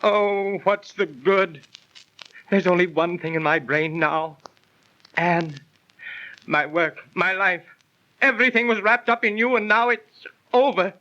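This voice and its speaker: A nervy young stage player, tipping into despair, high bright voice and grand old stage diction. The sound is muffled and lo-fi, an early 1930s transcription disc. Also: male voice, steady tone, unhurried, long pauses. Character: young high-strung male actor, distraught and despairing. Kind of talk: 1930s radio drama acting.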